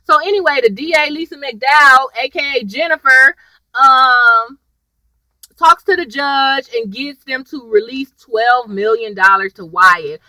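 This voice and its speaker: A woman's voice: high-pitched, a little slow, pushed and bright, no echo, poor audio. A woman chatting through a TV episode recap, rambling and wandering off on tangents while talking to her viewers. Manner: addresses viewers as "y'all". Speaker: TV episode reviewer.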